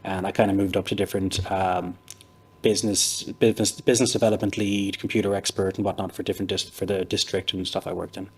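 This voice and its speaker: A man's voice: deep voice, little pitch movement, fast, husky. An Irish man, a pub owner, telling his story in a chatty, rambling interview with lots of fillers. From Ireland.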